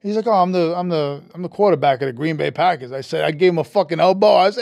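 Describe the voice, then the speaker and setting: A man, a metal musician guest telling an animated, profane story in a casual interview, raising his voice when quoting people. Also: fairly high pitch, quick pace, gravelly, few pauses, no echo, studio quality. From New York. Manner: animated, profane, acts out quotes with a rising voice.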